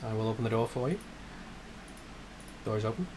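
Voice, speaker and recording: A man narrating and running a tabletop game as game master, briskly giving rules and describing the scene. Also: lowish voice, lively intonation, a little mellow, slight background noise.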